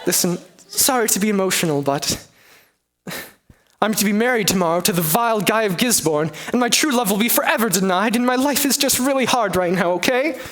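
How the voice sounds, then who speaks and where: A young man voicing a distressed, melodramatic young noblewoman in a high, falsetto-like voice, in a comic one-man play. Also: expressive, fairly quick, fairly bright tone. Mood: distraught. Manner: breathless, melodramatic.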